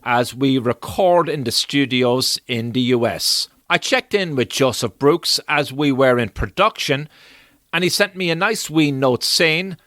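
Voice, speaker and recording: A man hosting a podcast, introducing his guest from a studio in a measured, announcer-like way. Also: a little high, a bit bright, no echo. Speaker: podcast host. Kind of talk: scripted introduction. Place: recording studio.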